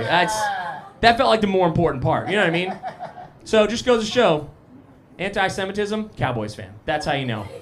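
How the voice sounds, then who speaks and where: Young man, stand-up comic, fairly high voice, loose crowd banter, self-mocking, live on a cafe stage. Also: fairly bright tone, slight background noise. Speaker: stand-up comedian.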